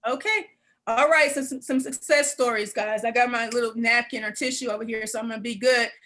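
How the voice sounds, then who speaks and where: A woman presenting an adult education program on a video call, teary and warm as she repeats phrases and laughs. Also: a little high, fairly even intonation, fairly quick, poor audio. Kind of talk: webinar presentation.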